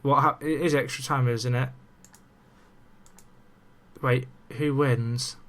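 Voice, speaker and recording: Taking it slowly, a young gaming commentator with a mid-range voice chats through a casual let's-play at his desk microphone, excitable and given to self-mocking asides.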